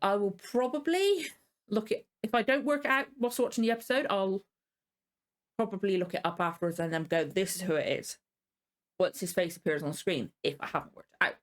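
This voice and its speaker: A woman's voice: mid-range voice, fairly quick. Tired woman chatting through a show reaction, rambles, keeps saying sorry, normal mid voice. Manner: rambling, apologetic. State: tired and yawning. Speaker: reaction video host. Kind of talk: casual reaction commentary.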